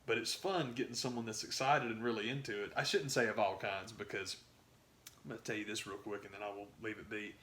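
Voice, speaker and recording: A man co-hosting a podcast, chatting about sports in a rambling, excitable way that trails off and restarts. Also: fairly low pitch, quick pace. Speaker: podcast co-host. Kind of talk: casual sports chat.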